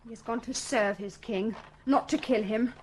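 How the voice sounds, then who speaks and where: A woman's voice: fairly high pitch, moderate pace, slight background noise, natural voice, low-quality recording. An actress playing a loving, loyal young woman who stands up to betrayal, in a 1970s radio drama. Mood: defiant. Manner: tender, then firm and defiant.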